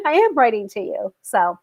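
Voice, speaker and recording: A woman's voice: on the high side, very animated, a little slow, a little mellow. Young american woman, livestream host, chatty, rambling, lots of fillers, laughs often. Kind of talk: casual livestream chat, reading viewer comments.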